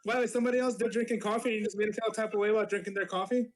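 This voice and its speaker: High-voiced man teasing on a podcast. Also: fairly even intonation, rapid-fire, a little hiss or hum. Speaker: podcast co-host, band member. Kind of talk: casual chat.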